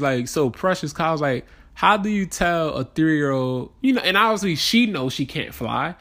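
A young man hosting a casual solo podcast, talking in a rambling, slangy way and sounding tired. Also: mid-range voice. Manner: rambling and slangy, with many restarts and shout-outs. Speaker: podcast host.

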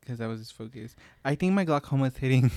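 A man's voice: mid-range voice, expressive, fast talker, a little mellow, no room sound. Joking young man podcast co-host. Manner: joking, rambling, swears casually. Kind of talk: casual chat.

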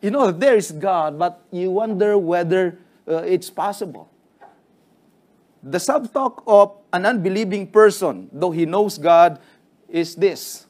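High-voiced man preaching a sermon. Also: measured pace, a little mellow. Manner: storytelling with acted quotes, earnest.

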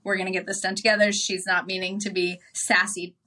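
A woman chatting on a podcast in a bright, forceful voice. She tells stories with frequent laughs and plays out both sides of the conversations she describes. Her pitch sits in the middle of the usual range. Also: level tone, brisk. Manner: laughs often while telling stories. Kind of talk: casual chat.

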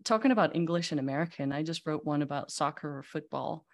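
Low-voiced woman guest. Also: fast. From Netherlands. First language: Dutch. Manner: animated storyteller, lively anecdotes. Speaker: magazine CEO, podcast guest. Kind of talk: casual interview chat.

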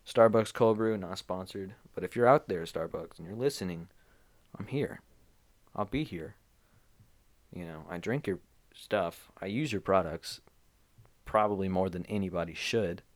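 A man's voice: deep voice, measured pace, pauses often. A young man, hosting a casual rambling solo podcast from a small home room full of pillows, sounding groggy and just woken up. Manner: loose, unscripted, drifting between topics with many fillers. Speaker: podcast host.

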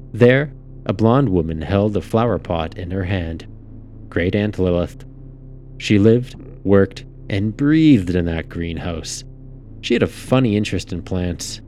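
A man calmly reading a story aloud as narrator. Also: sits low.

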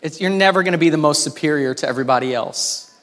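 A man delivers a sermon like a chat, with a voice pitched a little high for a man. He tells the story in an animated way and acts out the characters' lines. His delivery stays informal, with small restarts. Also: quick pace. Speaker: pastor.

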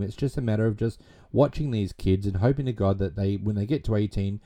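A man's voice: fairly low pitch, fast, dark tone. A man casually retelling a movie plot and reviewing it, rambling with plenty of fillers and restarts.

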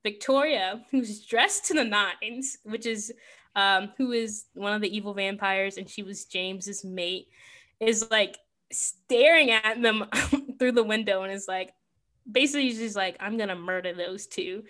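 A woman's voice: mid-range voice, unhurried. Chatty young woman recapping a film. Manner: animated film recap, lots of fillers. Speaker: podcast co-host. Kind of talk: casual chat.

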